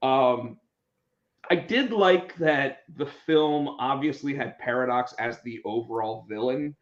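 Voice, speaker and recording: Male podcast host, chatty and animated, roomy dull sound, mid pitch. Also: takes it slowly. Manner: animated, acts out quotes, many restarts. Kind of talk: casual movie chat.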